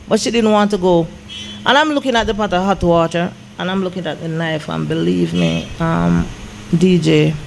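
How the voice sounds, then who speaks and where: A woman's voice: lowish voice, creaky, a little hiss or hum. A woman, a gospel singer and songwriter telling an emotional story as an interview guest, with lots of "I said" retellings. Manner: animated, repeats "I said" when retelling.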